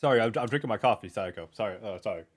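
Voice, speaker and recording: A man's voice: lowish voice, lively intonation, racing. A young man streaming a game live, chatting casually, rambling and stammering with self-mocking jokes.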